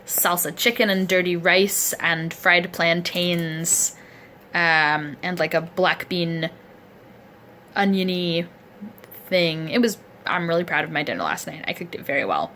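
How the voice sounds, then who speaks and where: Chatty bright-voiced woman vlogging. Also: lowish voice, unhurried, a little hiss or hum. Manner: chatty, rambling, self-deprecating. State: sore and aching. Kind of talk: casual video diary. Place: indoors at a friend's home, seated in a chair. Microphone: camera close to the face.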